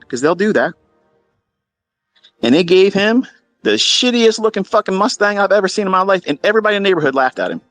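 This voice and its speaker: A man's voice: sits high, big pitch swings, fast talker, a bit bright, no echo, faint music behind. A middle-aged man telling a casual story to his audience in a blunt, profane, mocking way. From Maryland, USA. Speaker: trading educator.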